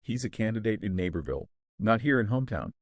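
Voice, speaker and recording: A weary male election worker who speaks slowly and calmly, as if explaining to a child, read by a man narrating the story. The voice is low and dry, with no room around it. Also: dry recording. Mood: patient. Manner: slow, calm, explaining carefully.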